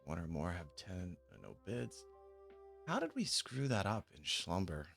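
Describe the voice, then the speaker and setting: A man's voice: deep voice, wildly swooping pitch, a little slow, vocal fry, a bit bright. A man chatting casually on a live stream while playing a game and checking options trades, muttering and swearing when annoyed. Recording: faint music behind. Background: faint music.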